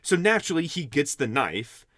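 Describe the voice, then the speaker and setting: Podcast dude rambling thru a movie plot, swears a lot, bright punchy voice, dry close mic. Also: male voice, on the high side, big pitch swings, moderate pace, dry recording. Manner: rambling, profane, laughs often. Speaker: podcast co-host. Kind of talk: casual chat, recapping a movie.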